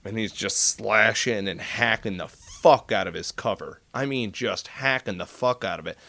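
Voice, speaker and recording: A man spins a war story in relaxed conversation. His talk is salty and lively, and he jumps into the voices of the people in the tale. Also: lowish voice, normal speed, creaky, hardly any pauses. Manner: profane, animated, acts out dialogue. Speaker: podcast guest telling military stories. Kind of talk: casual storytelling.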